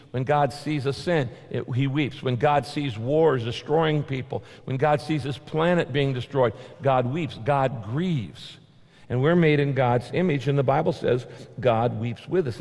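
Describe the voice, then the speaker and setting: A man preaching with earnest conviction, circling back to the same short phrases and sinking his voice to land each point. His voice sits at an ordinary middle pitch, and a long reverb trails behind every line, as in a large hall. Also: a little mellow. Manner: earnest preaching, repeating key phrases, drops low to stress points. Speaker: pastor. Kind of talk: sermon.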